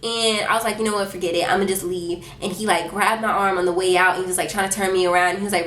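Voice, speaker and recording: A woman's voice: mid-range voice, quick pace, few pauses, fairly bright tone. A young woman vlogger telling a storytime in a casual, blunt, slangy way, acting out the quotes. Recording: echoey room with faint background noise.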